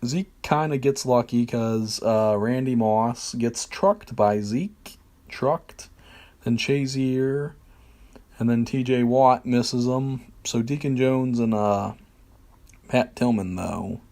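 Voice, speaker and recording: Slow, rambling male game streamer. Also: mid-range voice, warm tone. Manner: rambling, hesitant, many fillers, self-deprecating. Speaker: streamer playing a football video game. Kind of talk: casual gameplay commentary.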